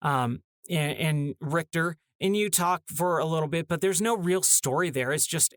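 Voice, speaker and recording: A man with a somewhat high voice rants in casual talk, sounding exasperated and now and then mocking bits of dialogue. The sound is dry and close, with no room around it. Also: moderate pace, few pauses, fairly bright tone, no echo. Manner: exasperated, ranting, mock-acts short dialogue snippets. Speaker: podcast host.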